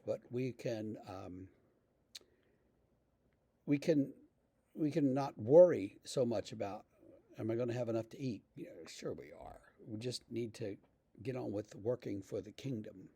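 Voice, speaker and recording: A male pastor giving a relaxed, conversational devotional talk, telling stories with frequent fillers. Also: mid-range voice, creaky, slightly rough, no echo.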